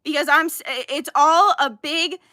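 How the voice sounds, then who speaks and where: Woman, heated profane rant, yelling, high pitch, dry close sound. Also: normal speed, no room sound. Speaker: livestream card reader. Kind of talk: live-stream rant.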